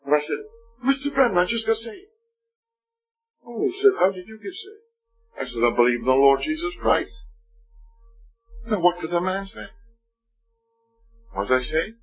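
A man's voice: on the high side, lively intonation, moderate pace, long pauses, soft background music. A man preaching a testimony sermon, telling a story and acting out the voices in quoted dialogue. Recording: dull lo-fi recording.

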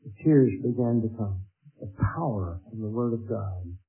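A husky-voiced older man gives an earnest personal testimony in a sermon, telling it slowly with frequent pauses. The sound is thin and tinny like an old narrow-band recording, with faint music underneath. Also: on the low side. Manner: earnest, measured storytelling with pauses. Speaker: preacher giving his testimony.

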